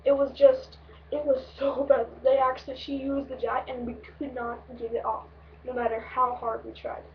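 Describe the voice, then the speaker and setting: Excitable young woman rambling on webcam. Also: high-pitched, normal speed, distant mic, lo-fi sound, a little hiss or hum. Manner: excitable, rambling, swears freely. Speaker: vlogger. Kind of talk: casual storytelling vlog.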